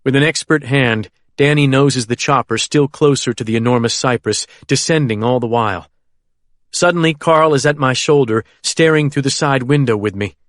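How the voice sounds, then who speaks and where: A man narrating a first-person thriller audiobook in a steady, measured way. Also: medium pitch, no echo, clean studio sound.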